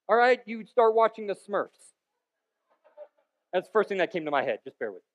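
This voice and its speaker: A male pastor with a high voice delivers a sermon full of playful, wandering asides. His delivery swings between loud, emphatic bursts and softer stretches. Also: sing-song, normal speed, long pauses. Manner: jokey, rambling asides with sudden loud peaks.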